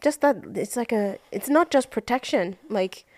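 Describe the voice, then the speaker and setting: A woman co-hosting a casual faith podcast, blunt and joking, with quick asides. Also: high voice, expressive, mellow, dry recording, clean studio sound. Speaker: podcast co-host.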